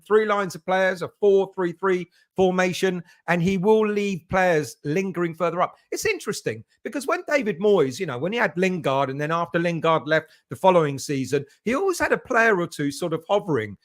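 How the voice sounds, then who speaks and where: A man's voice: sits high, fairly bright tone. A man from England hosting a casual live stream for football fans, rambling and greeting chat viewers by name. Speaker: fan channel host reading live chat.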